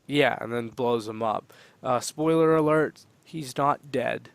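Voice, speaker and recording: A man co-hosting a podcast in casual chat, animated and quick to argue his point. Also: mid-range voice, vocal fry, clear, resonant tone, dry recording. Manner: animated, talks over others, laughs often. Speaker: podcast co-host.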